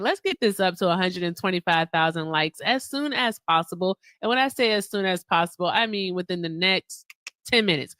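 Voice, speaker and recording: A woman hosting a casual live-stream debate, blunt and lively, laughing often and urging viewers on. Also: medium pitch, no room sound. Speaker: livestream host.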